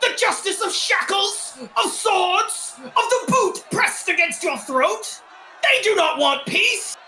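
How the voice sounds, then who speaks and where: A man's voice: very high-pitched, expressive, slow pace, pushed and bright, echoey room, voice pushed up, full character voice. A man playing a scornful male rebel who rouses the crowd with rhetorical questions. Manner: rhetorical, rousing.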